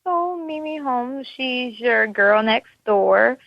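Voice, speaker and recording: Gravelly woman guest from the Carolinas. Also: on the high side, expressive, slow, no echo, lo-fi sound. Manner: easygoing, filler-heavy talk with lots of "you know". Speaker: interview guest, fashion designer. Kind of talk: casual interview answers.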